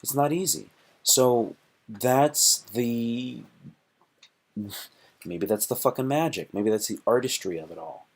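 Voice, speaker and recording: A man's voice: medium pitch, slow, long pauses, slight background noise. A man hosting his own live stream, rambling and joking in a profane, repetitive way. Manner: joking, profane, repeats himself.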